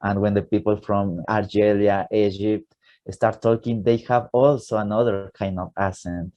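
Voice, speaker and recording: A man's voice: on the low side, flat delivery, moderate pace, warm tone. A man from Ecuador with an Ecuadorian Spanish accent, a native Spanish speaker chatting eagerly as a podcast guest, laughing often and using simple learner grammar. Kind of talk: casual interview chat.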